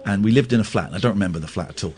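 A man's voice: lowish voice, racing, a little mellow. A man hosting a radio phone-in, playful and teasing, with bursts of exaggerated delight. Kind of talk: late-night radio phone-in chat.

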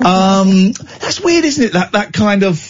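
A man's voice: high voice, a little slow, highs cut off, background noise. A man hosting a radio show, chatting casually and teasing his co-host with jokes. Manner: animated, teasing, jokey.

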